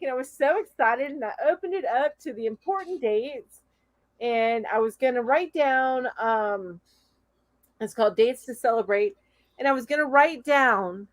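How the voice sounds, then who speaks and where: Casual co-host: a woman with a high voice who rambles and laughs a lot, on a dry video-call mic. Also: dry recording. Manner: chatty, rambling, laughs often. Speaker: podcast co-host. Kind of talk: casual live-stream chat.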